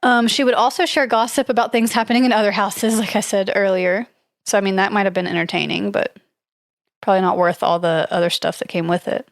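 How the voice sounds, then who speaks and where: Reading a ghost story off her notes, this woman co-hosting a podcast keeps things chatty and tentative, leaning often on "like" and "I don't know." She speaks at a medium pitch, steady and slightly quick, in dry, clean studio audio.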